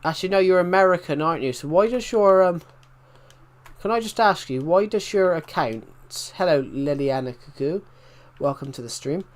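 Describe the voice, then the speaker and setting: A man's voice: fairly high pitch, animated, moderate pace. A young British man chatting casually while live-streaming a game and reading out viewer comments, rambling with restarts and mild swearing. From Britain.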